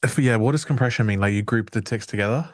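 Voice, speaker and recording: Young male stream co-host, lowish voice, rambling jokey banter. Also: quick pace. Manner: joking, rambling, self-interrupting. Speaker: livestream trading co-host. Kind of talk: casual live-stream chat.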